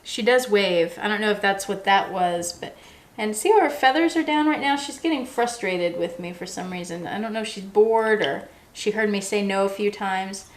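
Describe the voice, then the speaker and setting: A woman chats casually to the camera in a relaxed vlog style. Her voice sits in an ordinary middle pitch. She explains patiently with everyday examples and drops in plenty of ums. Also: moderate pace, few pauses. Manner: chatty and relaxed, with frequent ums and restarts. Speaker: vlogger.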